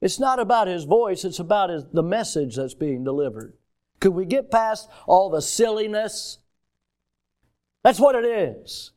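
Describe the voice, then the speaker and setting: A man preaching a sermon as a pastor, emphatic, moving between loud stressed phrases and hushed asides. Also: high voice, animated, normal speed.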